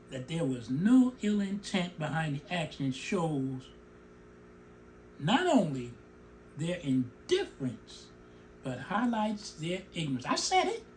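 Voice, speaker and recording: A middle-aged man talks in an animated, emotional way, his pitch leaping up and down as he makes his points. He keeps breaking off into asides about his own words before pressing on. There is faint noise behind him. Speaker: show host. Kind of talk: opinion commentary monologue.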